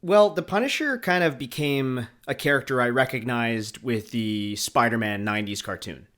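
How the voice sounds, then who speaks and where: A man from Canada co-hosting a movie podcast in relaxed, hesitant casual chat. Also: medium pitch, moderate pace. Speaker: podcast co-host.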